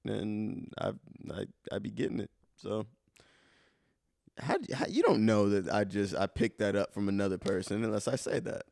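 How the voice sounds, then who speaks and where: A young man co-hosting a podcast, talking in a laid-back, profane way with halting restarts. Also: lowish voice, lively intonation, gravelly, a little mellow, no echo, studio quality. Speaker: podcast co-host. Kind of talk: casual chat.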